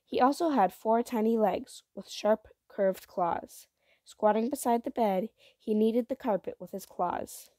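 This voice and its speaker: A woman reading the first chapter of a children's novel aloud in a gentle, even storytelling voice. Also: on the high side, unhurried, no room sound. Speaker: reader.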